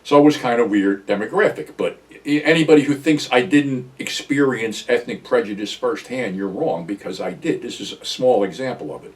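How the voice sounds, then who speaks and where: A man's voice: mid-range voice, normal speed, distant mic. An older man, telling a profane, rambling story from his own past as a channel host. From New Jersey, USA. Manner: rambling, blunt, heavy swearing, rising loud when quoting himself.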